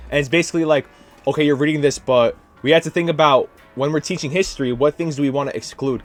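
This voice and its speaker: A young man, a student teacher, telling a rambling, animated story in a casual vlog, full of fillers and worn out from his day. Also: medium pitch. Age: young adult. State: tired, drained.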